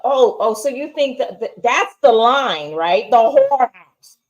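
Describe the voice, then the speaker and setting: A woman with a somewhat high voice co-hosting a casual chat about a TV episode. She talks conversationally, challenging her partner's points and tossing in quick agreeing replies. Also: expressive, darkish tone, muffled recording. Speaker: co-host. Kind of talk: casual spoiler review chat.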